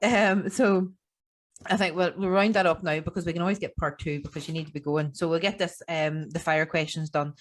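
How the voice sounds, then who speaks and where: A woman's voice: low voice, steady tone, fairly quick. Brief: young Northern Irish woman, casual podcast host, laughs easily, chatty. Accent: Northern Irish, Tyrone border. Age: young adult. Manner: laughs often, chatty, local expressions. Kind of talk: casual interview chat.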